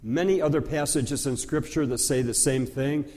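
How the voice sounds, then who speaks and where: A man's voice: mid-range voice, darkish tone. Man teaching a sermon in a reverberant hall. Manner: slow, explanatory, conversational with fillers. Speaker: pastor.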